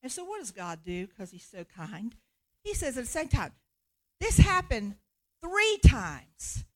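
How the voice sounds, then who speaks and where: A woman preacher giving a sermon in an animated, conversational way, laughing often. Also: medium pitch, moderate pace.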